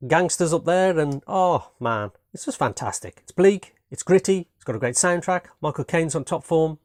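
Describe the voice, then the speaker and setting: A man's voice: fairly high pitch, lively intonation, normal speed, no echo. A man from Britain casually reviewing his latest home movie watches, rambling and enthusiastic, peppering his talk with "man" and "you know what I mean".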